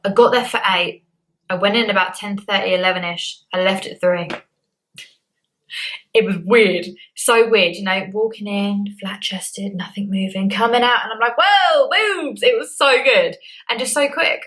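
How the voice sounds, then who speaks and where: A young woman talks straight to her viewers in a loose, candid chat. Her voice is bright and forward. She keeps it conversational and slips in lively acted-out quotes. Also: medium pitch, normal speed, low-quality recording. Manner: chatty and candid, acts out quotes. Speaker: beauty vlogger. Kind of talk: casual chat to camera.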